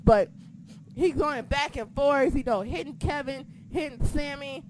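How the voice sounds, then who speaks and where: A woman co-hosting a casual chat, excitable and swearing freely, sometimes losing her train of thought. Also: sits high, a little slow, a little hiss or hum. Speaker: podcast co-host.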